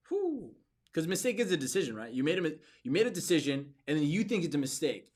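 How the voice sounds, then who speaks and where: A man's voice: fairly high pitch, very animated, fast, darkish tone, breathy edge. A man hosting a podcast for entrepreneurs, giving a motivational talk with emphatic repeats and restarts. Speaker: podcast host.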